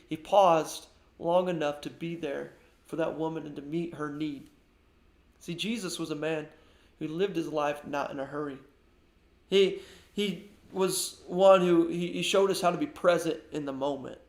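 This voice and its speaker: A man's voice: on the high side, echoey room. A man giving an earnest devotional sermon as a pastor, often repeating words as he goes.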